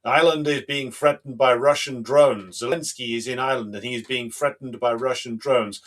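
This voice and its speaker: Male livestream host, mid-pitched, emphatic and combative, lots of "uh"s. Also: fairly even intonation, normal speed. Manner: combative, emphatic, with frequent fillers. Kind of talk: live-stream commentary.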